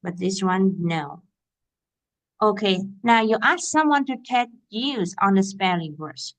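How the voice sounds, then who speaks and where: Slow, patient woman teaching English. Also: medium pitch, animated. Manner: patient, spells out each step and punctuation mark. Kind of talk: slow workbook walkthrough for young learners.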